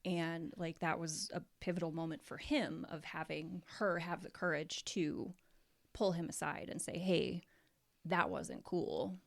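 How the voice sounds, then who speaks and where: Low-pitched woman, reflective podcast talk. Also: little pitch movement, moderate pace. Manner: reflective and affirming, many fillers like "like" and "you know". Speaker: podcast co-host. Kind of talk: casual chat.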